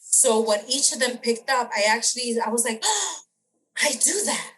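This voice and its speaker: Animated middle-aged woman telling a story. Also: on the high side, moderate pace, rough recording. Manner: animated storyteller, acts out quoted voices, laughs often. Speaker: podcast guest. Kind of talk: casual interview chat.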